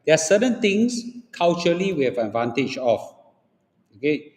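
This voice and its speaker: Bluntly lecturing his livestream audience, this Singaporean-accented host shares strong opinions and keeps dropping "okay?" and "ah". His high-leaning, slightly mellow voice is very animated at a moderate pace, and the room is echoey with long reverb.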